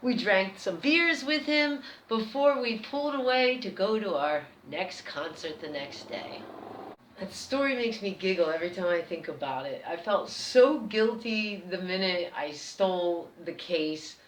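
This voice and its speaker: A woman with an American accent telling a personal story as a vlogger, animated and chatty. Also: mid-range voice, unhurried. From United States. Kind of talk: casual storytelling. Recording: roomy echo.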